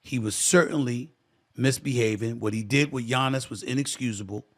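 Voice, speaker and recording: A man's voice: medium pitch, moderate pace. A middle-aged man hosting a sports talk show, emphatic and fiery, with a preacher-like rhythm. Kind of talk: impassioned sports commentary.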